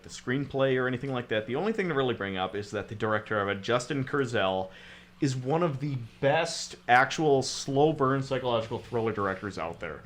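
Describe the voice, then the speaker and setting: A man's voice: medium pitch, fairly bright tone. A man co-hosting a casual movie podcast, ranting sarcastically and swearing freely. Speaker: podcast co-host.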